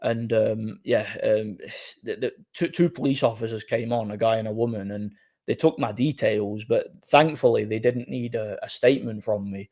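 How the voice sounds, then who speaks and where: A man hosting a livestream, telling a rambling anecdote in an animated, casual way and acting out quoted dialogue. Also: on the low side, moderate pace. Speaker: livestream host. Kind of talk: casual storytelling to a live audience.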